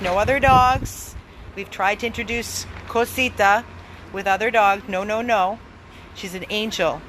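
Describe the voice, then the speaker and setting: A woman's voice: mid-range voice, fairly bright tone, slight background noise, poor audio. A woman who runs an animal rescue, pleading for donations, emphatic and repeating words for stress. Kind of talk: pleading fundraising appeal.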